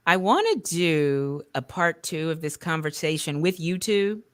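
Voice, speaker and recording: A woman hosting a talk show as a coach, speaking in an animated, rambling way with colloquial asides and self-corrections. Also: sits low, a little slow, no room sound. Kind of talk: casual conversational interview.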